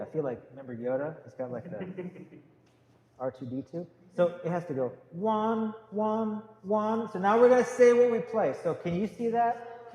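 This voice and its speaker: A man's voice: sits high, dark tone. A man teaching a guitar class, counting beats and calling out note letters for his students to say together. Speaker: music teacher. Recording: echoey room, faint noise.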